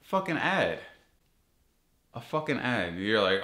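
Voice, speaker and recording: Male vlogger, low register, foul-mouthed comic ranter, echoey room sound. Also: moderate pace. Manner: profane, animated ranting, voice jumping high when exasperated. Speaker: YouTuber. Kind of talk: casual ranting vlog.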